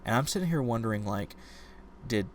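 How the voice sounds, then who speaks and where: A man co-hosting a podcast, casually discussing a novel and retelling its scenes in an animated, ranting way. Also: medium pitch, a little fast, slight background noise. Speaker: podcast co-host.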